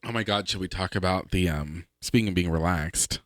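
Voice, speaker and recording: A man co-hosting a podcast, telling work stories in an animated way and laughing along as he goes. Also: sits low, brisk, no room sound, studio quality. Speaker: podcast co-host. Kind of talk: casual chat, storytelling.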